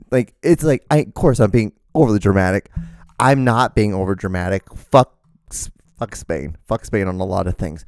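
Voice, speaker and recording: A man's voice: fairly low pitch, moderate pace, darkish tone, dry recording. A young man hosting a solo podcast, rambling in a profane, mock-outraged way. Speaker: podcast host.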